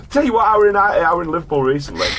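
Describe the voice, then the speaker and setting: A man on a casual podcast, his voice rising and falling with lively swings as he rambles and swears. He chats loosely and laughs a lot. Later he reads an odd tale aloud in the same easy way. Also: high-pitched, gravelly, heavy background noise. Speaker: podcast co-host. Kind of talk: casual podcast chat and story reading.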